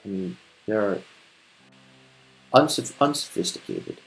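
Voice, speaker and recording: A man reading an epic poem aloud in a measured way, then chatting casually with some stumbles. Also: fairly low pitch, wildly swooping pitch, creaky, faint music behind, poor audio. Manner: measured, stumbles and restarts in chat. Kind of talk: poetry reading and casual chat.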